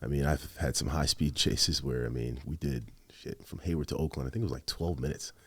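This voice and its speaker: A man, a former police officer, telling stories on a podcast in a casual, animated way, swearing a lot and acting out what he said at the time. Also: rumbling low, brisk, creaky, breathy edge. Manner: animated, heavy swearing, quotes himself. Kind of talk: casual storytelling.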